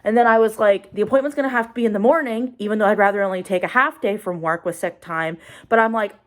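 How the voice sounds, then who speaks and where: A woman's voice: medium pitch, fast talker. A woman in her twenties vlogging in a casual confessional way, rambling anxiously with many fillers. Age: 20s.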